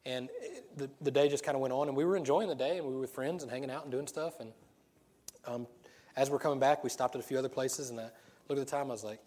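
A man's voice: medium pitch, fast, darkish tone. Man preaching in a chatty storytelling way. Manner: conversational storytelling, rhetorical questions, frequent laughs. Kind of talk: sermon.

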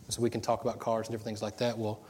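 A man's voice: on the low side, completely flat delivery, very fast, a little mellow, a little hiss or hum. A middle-aged man preaching an informal sermon, telling personal stories in a rambling way with many restarts. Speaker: pastor.

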